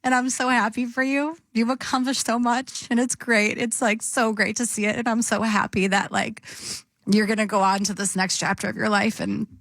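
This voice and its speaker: A woman's voice: fairly high pitch, steady tone, moderate pace, no echo. Earnest radio co-host woman. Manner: warm, earnest, giggly. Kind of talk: heartfelt on-air tribute. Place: radio studio. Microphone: studio microphone.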